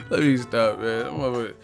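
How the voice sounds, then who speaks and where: A young man hosting a casual live boxing stream, talking loud and profane, laughing often and mocking what he talks about. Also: mid-range voice, a little slow, faint music behind.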